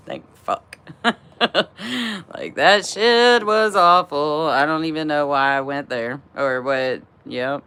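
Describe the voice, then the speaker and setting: A woman in her thirties speaks to a livestream audience, telling a long personal story. Her voice sits low yet sounds bright and forceful. She swears freely, laughs often, and leans on fillers. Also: takes it slowly, slight background noise. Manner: profane, laughing, lots of fillers. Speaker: livestream host. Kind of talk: casual storytelling to a live chat.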